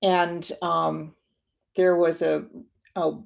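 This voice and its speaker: Woman, low register, gravelly edge; gentle reflective storyteller, lots of ums and restarts. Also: level tone. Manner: gentle, unhurried, with many fillers and restarts. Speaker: guest speaker.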